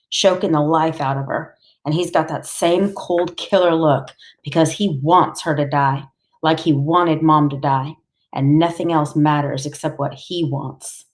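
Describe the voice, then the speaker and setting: A woman reads a novel aloud in the first person. Her voice is low, and she keeps the telling steady and intense. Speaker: audiobook reader.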